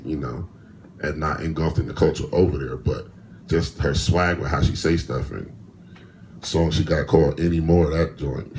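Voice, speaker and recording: A man's voice: very deep voice, a little mellow, a little hiss or hum. A man hosting a solo podcast, telling stories in a loose, rambling, slangy way with speech. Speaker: podcast host. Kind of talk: casual solo podcast monologue.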